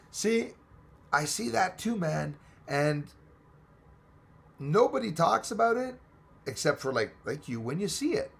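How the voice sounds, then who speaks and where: Texan male livestream host, gravel-edged voice, chatty and excitable, thanking viewers as he rambles. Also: fairly high pitch, unhurried, pauses often. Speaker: livestream host reading chat. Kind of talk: casual live chat.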